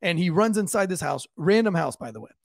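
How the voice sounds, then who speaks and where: A police officer tells a wild story in a casual, profane way, slipping into the voices of the people involved. His voice is a little high and gravelly, and it is recorded dry and close with no room echo. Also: fast. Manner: profane, lively, acts out quoted voices.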